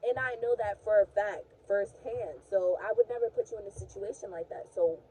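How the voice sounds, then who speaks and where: A young woman tells a story in a casual vlog. Her voice sits at a middle pitch, and she talks animatedly, with plenty of "like" and swearing. Faint background noise runs underneath. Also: a little fast, low-quality recording. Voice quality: animated, swears freely, frequent likes. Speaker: vlogger telling a story.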